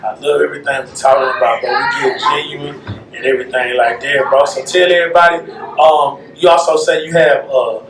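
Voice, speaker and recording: A man's voice: medium pitch, steady tone, fairly quick, fairly bright tone, a little hiss or hum. A man hosting a podcast in casual, laid-back slangy chat, calling his guest bro all the time. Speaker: podcast host. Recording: roomy echo.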